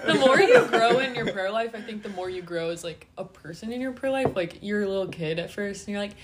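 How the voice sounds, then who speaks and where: A woman's voice: medium pitch, lively intonation, a little fast, a loud crowd. A young woman co-hosting a casual faith podcast, laughing often and acting out little quoted voices as she talks. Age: young adult. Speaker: podcast co-host.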